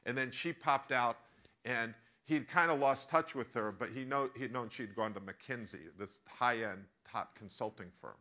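A man with an American accent, a professor telling a story in a live masterclass, animated and full of asides. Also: mid-range voice, normal speed. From United States. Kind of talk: storytelling lecture to a live audience.

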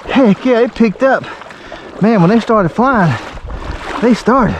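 A man, narrating his duck hunt in a folksy, excitable way, recorded outdoors in a windy marsh on a camera mic. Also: sits high, slow. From Alabama. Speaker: duck hunter and channel host. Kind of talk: outdoor hunting vlog narration. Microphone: handheld camera mic.

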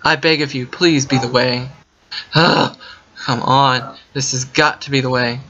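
Excitable bright-voiced man playing a game. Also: mid-range voice, slow, slight background noise. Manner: excitable, thinks aloud, bursts into yelps and gasps. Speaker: gaming video creator. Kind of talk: playing a game while commenting. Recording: muffled lo-fi mic with faint keyboard typing.

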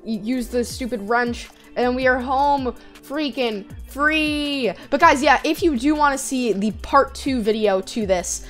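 An excitable woman narrating her gameplay in a casual let's-play, chatty and full of quick restarts. Her voice is fairly high and energetic, with faint game music running underneath. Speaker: gaming channel host.

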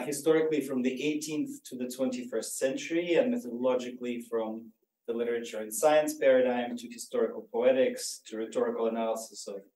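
A man introducing a guest speaker in a formal, halting way, with many "uh" fillers. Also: mid-range voice, dark tone. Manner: many "uh" fillers, slow deliberate delivery. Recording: roomy lecture hall, distant mic.

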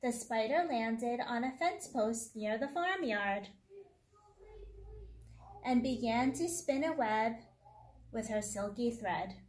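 A woman's voice: a little high, takes it slowly, pauses often. A woman hosting story time for young children, reading a picture book aloud in a sing-song teacher voice and making the animal sounds.

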